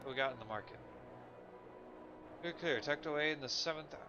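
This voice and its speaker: A man's voice: a little high, brisk, dull audio, over music. A man streaming a narrative game, chatting casually and joking about his own accents. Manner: self-deprecating, chatty. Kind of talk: casual commentary while gaming.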